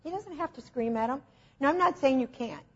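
A woman's voice: high-pitched, animated, brisk, fairly bright tone, muffled recording. A woman preaching an informal teaching sermon, telling stories in an earnest, conversational and self-deprecating way.

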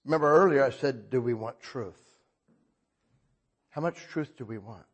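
An older man preaching a sermon in a husky voice, talking conversationally and asking the congregation frequent questions. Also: medium pitch, normal speed. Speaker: pastor.

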